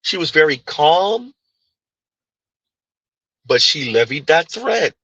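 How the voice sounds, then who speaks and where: An animated man delivering reaction commentary at a slow, deliberate pace. His voice is forceful and a little husky. The sound is close and dry. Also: a little high, no room sound, highs cut off. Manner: animated, emphatic, repeats points. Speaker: commentary channel host.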